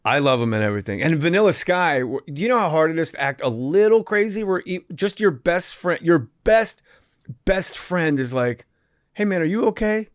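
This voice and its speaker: A man's voice: fairly high pitch, animated, dry recording, clean studio sound. A man hosting a podcast in casual comedic chat, telling stories and joking brashly. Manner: storytelling, brash joking, does quick impressions. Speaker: podcast host.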